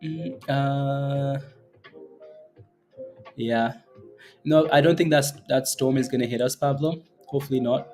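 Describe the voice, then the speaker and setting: Slow-talking man hosting a trading stream. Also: mid-range voice, darkish tone, soft background music. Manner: playful, laughs often, greets chat viewers by name. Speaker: day-trading livestream host. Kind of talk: casual livestream chat with viewers.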